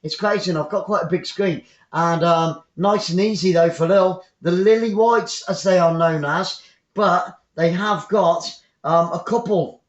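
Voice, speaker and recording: A man's voice: high voice, unhurried. Chatty English man commentating live football. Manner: chatty, repeats phrases, rambling asides. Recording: roomy, dull lo-fi sound.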